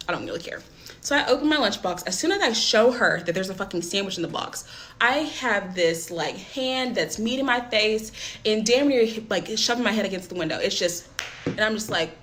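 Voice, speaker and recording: A woman's voice: medium pitch, fairly bright tone. Young woman telling her story straight, swearing a lot, full of likes and ums. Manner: candid, swears freely, many fillers. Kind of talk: casual storytime.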